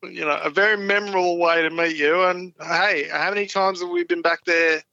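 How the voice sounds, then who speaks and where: A man's voice: high-pitched, steady tone, brisk, gravelly, pushed and bright, no room sound. A man, a podcast guest telling easygoing, self-deprecating stories in casual chat. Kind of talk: casual chat about hunting. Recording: dull lo-fi dry sound.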